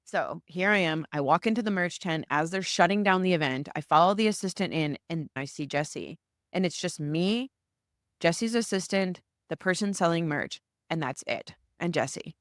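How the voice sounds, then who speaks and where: A woman hosts her own podcast and tells a personal story, acting out the lines of the people in it. Her voice sits low, and the recording is close and dry. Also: normal speed, dry recording. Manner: animated, acts out quoted dialogue. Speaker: podcast host. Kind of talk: storytelling solo episode.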